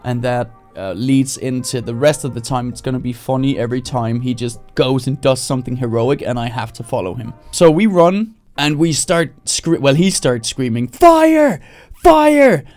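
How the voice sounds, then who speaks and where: A comedian writing jokes live on a stream, thinking out loud, who breaks into high screaming voices to act out his bits and laughs at his own lines. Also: steady tone, normal speed, hardly any pauses, faint music behind. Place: home streaming setup.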